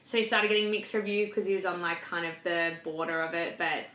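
A woman's voice: fairly low pitch, fairly even intonation, a little fast, fairly bright tone, echoey room. A young woman in casual personal chat, candid and chatty, swearing freely and filling her talk with "like".

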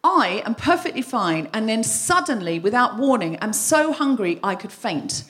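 Animated high-voiced woman telling a comic story. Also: normal speed. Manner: animated, self-mocking, acts out her own shouting. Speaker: comedy podcast host. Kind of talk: live stand-up storytelling. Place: live venue before an audience.

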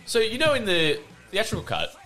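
A man co-hosting a casual podcast about a film, excitable, swearing and laughing often. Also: high-pitched, brisk, faint music behind. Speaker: podcast co-host. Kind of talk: casual film-review chat.

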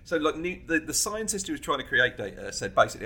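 A man's voice: fairly high pitch, sing-song, quick pace, creaky, sharp tone. A man co-hosting a podcast in casual chat, retelling scenes animatedly and laughing often. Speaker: podcast co-host.

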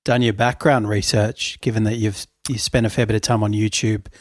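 A man's voice: lowish voice, little pitch movement, brisk, no echo. A man co-hosting a podcast in casual chat, asking questions with a dry teasing humour. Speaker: podcast co-host.

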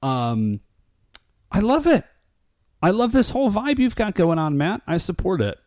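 A man's voice: high-pitched, very animated, unhurried, a little mellow, no echo, studio quality. A man co-hosting a casual podcast chat, joking in a playful, mock-formal way. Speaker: podcast co-host.

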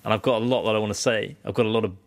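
Guernsey guy cohosting a chat podcast, lowish voice, wry and teasing, dead dry sound. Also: steady tone, rapid-fire, no room sound. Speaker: podcast co-host. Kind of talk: casual chat.

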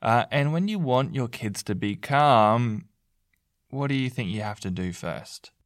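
A man's voice: mid-range voice, lively intonation, measured pace, no echo, clean studio sound. A man speaking as a parenting counselor in a mock counseling session, earnest and coaxing, with lots of fillers and restarts.

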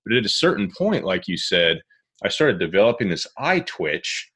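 A man hosting an interview, asking questions and sharing his own story in a relaxed, chatty way. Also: on the low side, moderate pace, slightly rough. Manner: relaxed and chatty, many fillers. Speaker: host. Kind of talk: casual interview chat.

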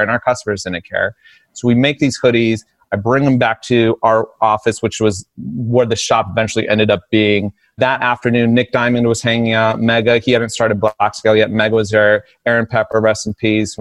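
In a podcast studio with no room sound, a man in his forties who founded a streetwear brand speaks in a mid-range voice. As a guest, he narrates a story casually and with energy, performing the voices he quotes.

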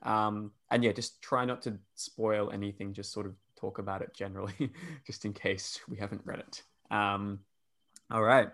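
A man with a Perth Australian accent hosting a casual podcast chat, easygoing and quick to laugh. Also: lowish voice, fairly even intonation, fairly bright tone. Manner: easygoing, laughs often, wraps up with summaries. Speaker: podcast host.

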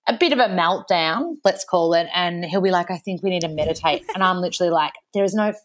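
An Australian woman, a young adult, guesting on a casual podcast chat, telling lively stories full of "like" and acting out both sides of quoted exchanges. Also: lowish voice, fast. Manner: chatty storytelling, acting out quoted exchanges, frequent "like".

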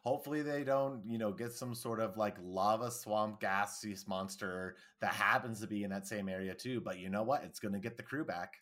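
A woman's voice: very deep voice, normal speed, hardly any pauses, fairly bright tone. A woman co-hosting a casual comedic podcast recap, enthusiastic and rambling, often laughing as she talks. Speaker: podcast co-host.

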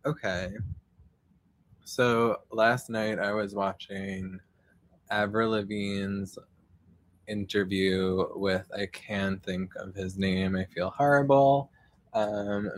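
Man, podcast host, live casual monologue, rambling with fillers and swearing, lowish voice, unhurried. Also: no echo. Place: outdoors.

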